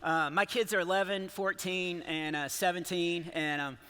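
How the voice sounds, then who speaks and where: A man's voice: high-pitched, fairly even intonation, normal speed, bright, forceful tone, slight background noise. A man in his forties doing a rambling, self-interrupting stand-up comedy set for a church service, chuckling through his stories. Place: large church auditorium. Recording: long hall reverb.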